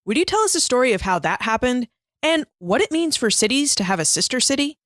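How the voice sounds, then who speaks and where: A woman's voice: high voice, very animated, a little fast, a bit bright, no echo, clean studio sound. A woman hosting a history podcast, asking curious, conversational questions. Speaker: podcast host. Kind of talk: interview questions.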